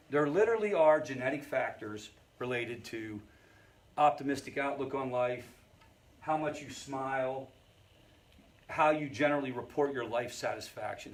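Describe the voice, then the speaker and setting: A man who leads a family recovery group, teaching in a conversational way and often checking in with the audience. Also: medium pitch. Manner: conversational, storytelling asides.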